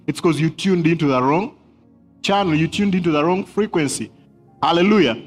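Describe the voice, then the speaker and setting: A man's voice: high voice, animated, brisk, faint music behind. A man preaching a sermon as pastor, emphatic, repeating key phrases and laughing between points.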